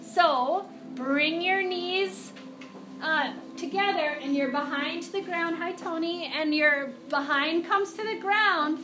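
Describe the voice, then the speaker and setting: A woman's voice: very high voice, slow pace, bright, forceful tone, slight background noise. A woman yoga teacher guiding a children's class, playful and encouraging, with sing-song animal cues. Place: classroom or studio with music playing. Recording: echoey room, music behind.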